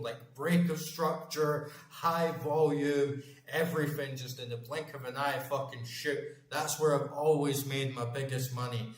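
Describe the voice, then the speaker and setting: A man's voice: mid-range voice, fairly even intonation, a little slow, few pauses. A man in his forties, a gaming channel host, chatting casually in a rambling, emphatic way and swearing constantly. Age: 40s. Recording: echoey room.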